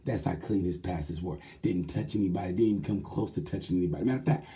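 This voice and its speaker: A man with a low, very mellow voice gives a casual recap of a weekend's racing. He rambles and jokes, drifting into quick asides. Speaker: racing commentator host.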